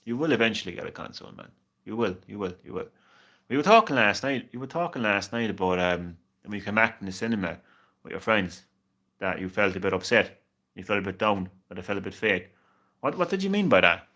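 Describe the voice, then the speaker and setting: Bright-voiced young man chatting on stream. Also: on the low side, lively intonation, brisk. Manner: reassuring, says "man" constantly, stumbles and repeats words. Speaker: game streamer. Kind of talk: casual live-stream chat.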